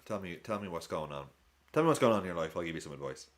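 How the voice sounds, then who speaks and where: A man hosting a live football watch-along stream, casually chatting with viewers and reacting to the match. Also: very fast. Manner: chatty, reacts to play and reads chat aloud; lively swings in pitch.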